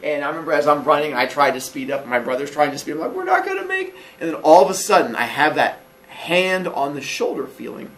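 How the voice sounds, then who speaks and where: A man in his forties telling a childhood story casually, animated and laughing often, acting out quotes in a high voice. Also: fast, far from the mic, a little hiss or hum. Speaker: podcast host.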